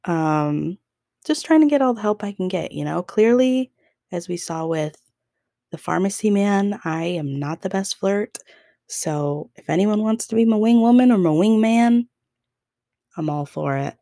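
A woman's voice: medium pitch, animated, measured pace, dark tone, no room sound, studio quality. A young woman hosting a podcast, telling a story in a casual, chatty way with lots of fillers and laughs. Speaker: podcast host.

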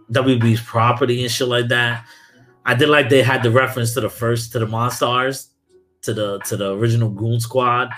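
Bright-voiced, profane Brooklyn man. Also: medium pitch. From Brooklyn, New York. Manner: profane, animated, laughing often. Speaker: podcast host. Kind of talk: casual chat.

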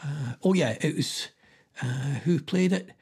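Husky Scottish man rambling on air. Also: fairly high pitch, a little slow, a little mellow. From Scotland. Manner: rambling, chatty, thinks aloud. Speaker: radio host. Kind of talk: casual chat.

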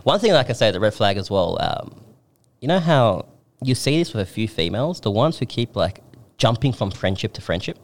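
Young male podcast co-host, animated, pitch swings widely. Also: brisk. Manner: animated, laughs often, mimics voices. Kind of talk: casual chat.

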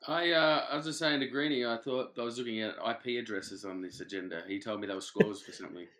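A man's voice: mid-range voice, fast talker. A man with an Australian accent, a podcast guest cracking dry jokes. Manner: dry joking, lively. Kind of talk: casual podcast chat.

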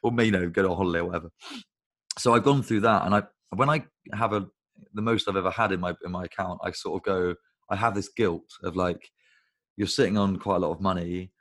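Deep-voiced man telling rambling stories. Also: quick pace. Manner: rambling, swears freely, animated storytelling. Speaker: guest, recruitment business founder. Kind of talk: casual conversational interview. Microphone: video call.

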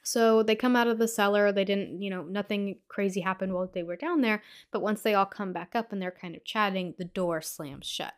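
A woman's voice: mid-range voice, fairly even intonation, brisk, hardly any pauses, clear, resonant tone. A young woman hosting a podcast, casually recapping a horror movie scene by scene with lots of fillers. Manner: chatty, with frequent fillers. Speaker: podcast host.

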